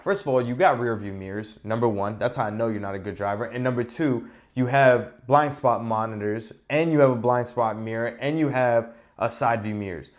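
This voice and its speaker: A man with a mid-range voice rants casually on his podcast, animated and exasperated. He swears freely and swings from muttering to loud outbursts. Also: mid-range voice. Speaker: podcast host. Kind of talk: casual ranting monologue.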